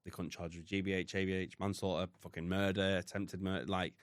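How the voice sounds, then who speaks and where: A man's voice: sits low, flat delivery, brisk, clean tone, no echo, clean studio sound. A British man in his thirties, a podcast guest, telling his story bluntly and with heavy swearing. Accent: British English. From United Kingdom. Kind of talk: candid storytelling.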